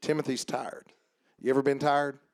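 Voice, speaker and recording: In church, a male pastor delivers a sermon that opens low and chatty, then escalates into shouted preaching while he names members of the congregation. He keeps a steady tone at normal speed, with no room sound.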